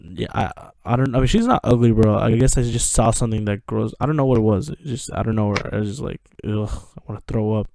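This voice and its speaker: A man's voice: mid-range voice, fast talker, creaky, few pauses, warm tone, no room sound. A teenage boy telling a long personal story in casual chat, rambling with lots of restarts and fillers, recorded at home. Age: teens. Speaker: podcast co-host.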